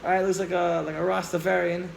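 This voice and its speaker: A man teaching a class, telling a story with lively acted-out dialogue and questions to the listeners. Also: sits high, quick pace, creaky, a little hiss or hum, rough recording.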